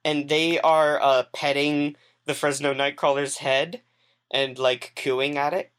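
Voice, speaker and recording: A woman's voice: low-pitched, steady tone, slow, a bit bright, clear, resonant tone. A woman narrating a tabletop game as game master, hesitant with many fillers.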